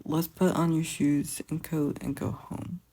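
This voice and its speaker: A fan fiction reader voicing a gentle, doting teenage older brother who talks in a soft, coaxing way. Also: mid-range voice, little pitch movement, unhurried, husky. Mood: tender. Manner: soft, coaxing, tender teasing. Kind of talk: fan fiction audiobook reading.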